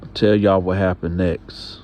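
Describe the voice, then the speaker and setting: A man's voice: low-pitched, little pitch movement, a little slow, warm tone. A man hosting a casual storytime, restarting phrases and talking straight to his viewers. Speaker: storyteller, channel host.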